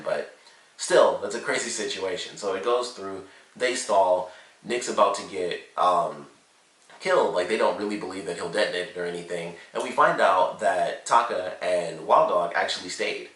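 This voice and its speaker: Man, very deep voice, casual TV review, rambling with fillers, echoey room, distant from mic. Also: fairly quick, a bit bright. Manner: rambling, lots of "like" and "you know" fillers. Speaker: TV show reviewer. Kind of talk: casual episode recap and review. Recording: roomy echo, set back from the mic.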